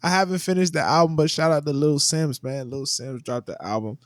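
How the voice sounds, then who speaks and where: A man's voice: fairly high pitch, fairly quick, noisy background. A man hosting a podcast, reviewing music in loose, slangy casual chat and restarting his sentences often. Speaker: podcast host.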